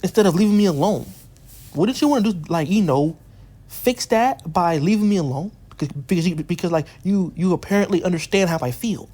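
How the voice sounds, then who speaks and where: A man's voice: high voice, animated, brisk, warm tone. A man speaks straight to his viewers in an angry, aggrieved monologue. He stacks up rhetorical questions and says lines twice, stumbling over restarts when he gets worked up. Frequent swearing adds an edge to his frustration. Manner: restarts and repeats phrases while worked up. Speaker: YouTuber addressing his community. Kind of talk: heated monologue rant.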